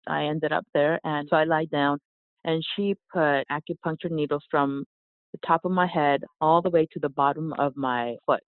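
A guest who is a yoga teacher and author talks through her ideas in a casual interview, calm and sincere, at a middle pitch and moderate pace. The line sounds thin, tinny, and phone-like, close-up with no echo.

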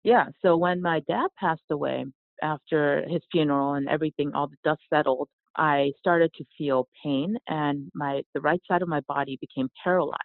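A woman guest, a yoga teacher and author, explains her ideas calmly and earnestly at a middle pitch. Her voice comes through a thin, tinny, phone-like line that sounds dry and close. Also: normal speed, no echo. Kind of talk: casual interview.

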